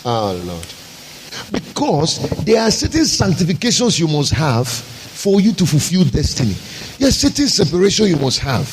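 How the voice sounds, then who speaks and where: A man's voice: on the high side, wildly swooping pitch, normal speed, slight background noise, poor audio. A man pastor, preaching a sermon with emphatic, rhetorical repetition.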